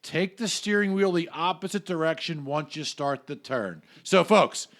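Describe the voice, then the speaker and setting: A man's voice: a little high, expressive, normal speed, fairly bright tone. A man co-hosting a podcast in casual chat, talking in a brash, emphatic, jokey way. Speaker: podcast co-host.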